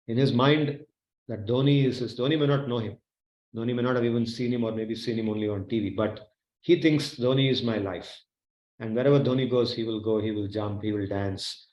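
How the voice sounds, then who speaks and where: A man with an Indian English accent giving a spiritual lecture, explaining with everyday examples and often pausing to say "okay". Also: mid-range voice, darkish tone. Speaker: Gita teacher. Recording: echoey, dull lo-fi room sound.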